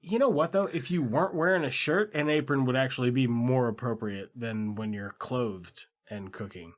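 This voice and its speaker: A man's voice: mid-range voice, normal speed. A man co-hosting a casual movie podcast, swearing freely, laughing often and acting out characters in silly voices. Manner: profane, laughing, acts out characters. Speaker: podcast co-host.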